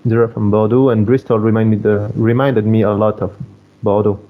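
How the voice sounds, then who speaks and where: A man in his thirties from France with a French accent, a wedding photographer answering interview questions in English, pausing to search for words. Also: on the low side, little pitch movement, phone-quality sound. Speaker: podcast guest, wedding photographer. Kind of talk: interview conversation.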